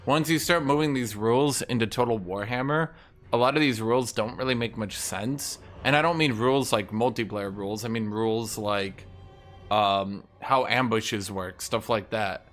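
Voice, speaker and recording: A man giving casual, ranting gameplay commentary, animated and profane, as a content creator. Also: lowish voice, normal speed, faint music behind.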